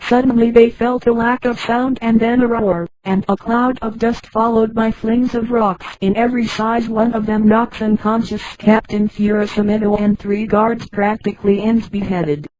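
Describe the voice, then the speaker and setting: A woman's synthetic voice reading a story aloud, flat and even, speaking punctuation marks as words. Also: a little high, normal speed, few pauses, low-quality recording. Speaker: audiobook narrator. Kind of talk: scripted narration.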